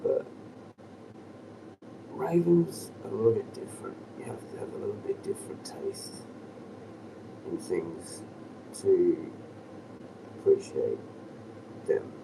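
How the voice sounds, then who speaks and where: A man's voice: lowish voice, very animated, slow, pauses often. A man chatting on a live stream outdoors in a loose, chuckling way, often dropping to a whisper. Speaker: livestreamer. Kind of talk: rambling casual live-stream chat. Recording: distant mic with clear outdoor noise.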